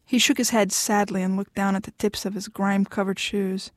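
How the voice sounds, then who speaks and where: A woman narrating a novel in a steady, measured storytelling voice. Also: medium pitch, no room sound. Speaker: audiobook narrator. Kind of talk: scripted narration.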